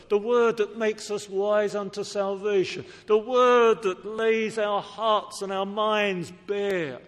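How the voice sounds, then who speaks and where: A man preaching a sermon in an earnest, pleading way, pressing his listeners with questions. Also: high voice. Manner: earnest, pleading, rising to emphatic appeals. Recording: long reverb of a large hall.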